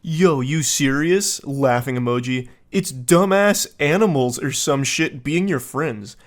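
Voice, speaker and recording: A man's voice: fairly high pitch, a little slow, close to an everyday voice. A man voicing an obnoxious, aggressive young man reading his own text messages in a sneering, mocking tone. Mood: belittling. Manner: sneering, mocking overblown delivery.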